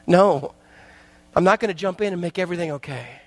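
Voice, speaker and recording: A man's voice: high voice, fairly quick, no room sound. A man preaching a sermon as a guest speaker, telling a parable with acted-out voices and joking with the congregation. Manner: storytelling, acts out parable voices, jokes with congregation.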